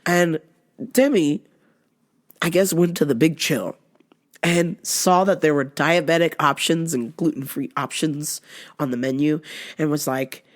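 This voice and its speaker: A woman's voice: sits low, measured pace, long pauses. A woman hosting a podcast, ranting in a brash, profane, joking way. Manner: brash, profane, laughing, mocking quoted voices. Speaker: podcast host. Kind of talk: casual comedic rant.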